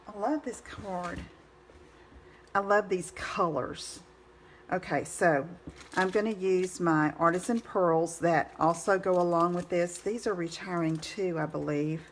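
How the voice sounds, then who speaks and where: Lady doing a live craft demo, chatty and upbeat, kinda low voice, faint hiss behind. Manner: chatty and encouraging, greets viewers by name. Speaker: card-making demonstrator.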